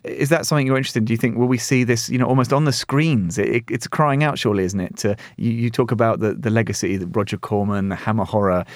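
A man's voice: medium pitch, quick pace, few pauses, no room sound. A man interviewing an author on radio, eagerly asking several questions at a time.

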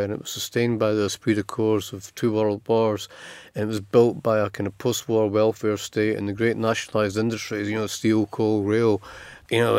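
A man's voice: fairly low pitch, darkish tone, smooth, no room sound. A middle-aged Scottish man giving long reflective interview answers, full of fillers and restarts. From Scotland. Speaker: writer, interview guest.

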